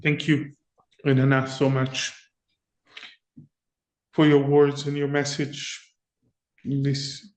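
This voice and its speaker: A man moderating a press conference, giving formal thanks and introductions in a measured way. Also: a little high, roomy sound.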